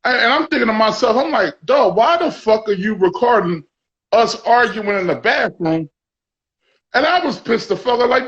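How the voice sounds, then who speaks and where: A man's voice: high voice, lively intonation, normal speed, fairly bright tone, dull audio. A man hosting a casual talk, telling a story with lots of profanity and quoted dialogue. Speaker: podcast host.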